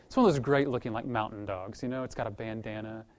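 A male pastor preaching a sermon in a conversational way, telling a story with lively acted-out voices and repeating words as he restarts, then praying. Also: fairly low pitch, quick pace. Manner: animated storytelling, acts out quoted voices.

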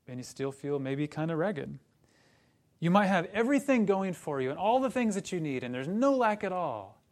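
A man preaching a sermon to a congregation in a conversational way, turning animated when he retells stories. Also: a little high. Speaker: pastor.

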